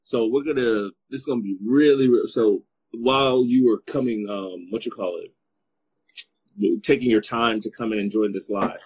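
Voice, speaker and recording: A man's voice: fairly low pitch, moderate pace, darkish tone, husky, poor audio. A man hosting a live stream in casual chat, playful and teasing, rambling with fillers.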